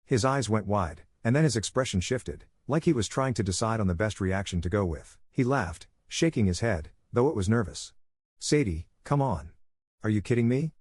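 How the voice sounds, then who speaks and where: A man narrating a scripted first-person story in a steady, measured way, with a husky voice. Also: on the low side, no room sound.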